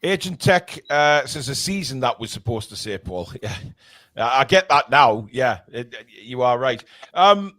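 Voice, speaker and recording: A man's voice: medium pitch, lively intonation, measured pace, sharp tone, no room sound. A man hosting a casual fan podcast, rambling and laughing as he reads out viewer comments. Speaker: host of a fan forum show.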